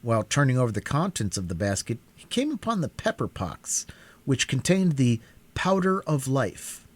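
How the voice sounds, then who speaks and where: A man narrates a storybook aloud with a lively, animated voice that swings freely up and down. His pitch is mid-range and his delivery stays expressive throughout. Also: normal speed. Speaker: reader. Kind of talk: live storybook reading.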